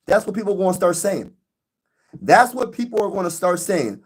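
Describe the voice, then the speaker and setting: A man hosting a casual sports fan livestream, talking excitedly and repeating himself, calling viewers y'all and bro, recorded on a phone with no external mic that crackles when he gets loud. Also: fast talker, slightly rough. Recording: audio crackles on louder high notes.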